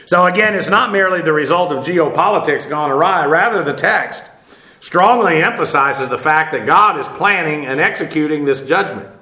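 A man teaching the Bible verse by verse, halting with many "uh"s as he spells out Hebrew words, then pressing his points emphatically. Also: fairly high pitch, expressive, pushed and bright, echoey room. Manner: emphatic, preacherly warnings.

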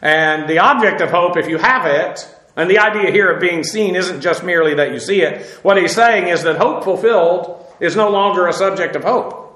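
A man teaching a Bible passage verse by verse, halting with many fillers and spelling out Greek words letter by letter. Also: high-pitched, fairly bright tone, echoey room, rough recording.

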